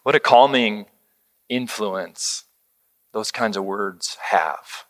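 Bright-voiced man preaching a sermon. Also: on the low side, takes it slowly. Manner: conversational storytelling, dropping to a hush for quoted comfort. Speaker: pastor.

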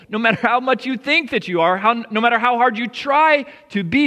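A man's voice: very high-pitched, expressive, brisk, few pauses, sharp tone. A man preaching a sermon as pastor, in an earnest, conversational way that swells with emphasis. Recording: long reverb of a church hall.

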